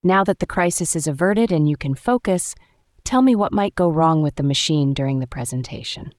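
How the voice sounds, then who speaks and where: A prim, strict young businesswoman, read by a woman, formal and clipped in every word. Her voice sits low and the recording is dry and close, like a storybook audiobook. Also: lively intonation, fairly quick, darkish tone, no echo. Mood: stern.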